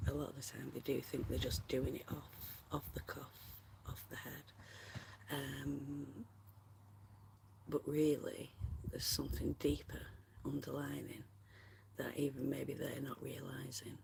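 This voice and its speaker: A livestream host chatting casually with viewers in a soft, half-whispered voice and laughing often. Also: medium pitch, vocal fry, noisy background. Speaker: livestream host reading chat.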